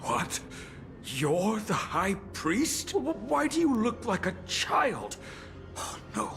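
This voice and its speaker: Old tribal priest, devout, stubborn, very slow, lively pitch, game cutscene. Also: male voice, vocal fry, over music, heavily acted. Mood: shocked. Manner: grave, slow, formal speech.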